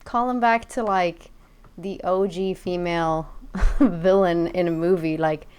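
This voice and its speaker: A woman's voice: lowish voice, fairly even intonation, measured pace, a little mellow, clean tone. Thoughtful, rambling woman. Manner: thoughtful, rambling with many fillers. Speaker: co-host. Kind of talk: casual chat.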